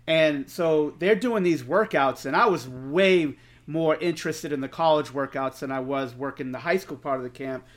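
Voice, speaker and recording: A middle-aged man, co-hosting a podcast and telling stories in an animated way, swearing freely. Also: on the high side, moderate pace, few pauses. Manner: animated storyteller, swears freely, acts out quotes. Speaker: podcast co-host. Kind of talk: casual storytelling chat.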